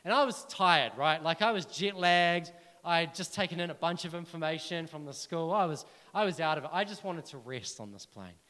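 A man preaching a sermon, telling personal stories in a chatty, animated way and asking the listeners questions. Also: fairly high pitch, a little fast, big-room sound. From New Zealand.

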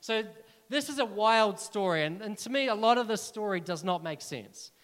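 A man preaching a sermon to a church congregation, energetic and urging the crowd to respond. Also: high-pitched, moderate pace. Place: church hall. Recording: long reverb of a large hall.

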